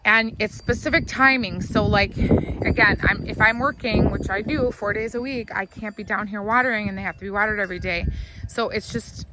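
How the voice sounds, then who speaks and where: A woman's voice: mid-range voice, normal speed. A woman with a scratchy voice giving a casual, rambling walkthrough of her backyard garden, filmed on a phone outdoors. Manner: chatty, rambling, talks to her dogs. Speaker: vlogger giving a garden tour.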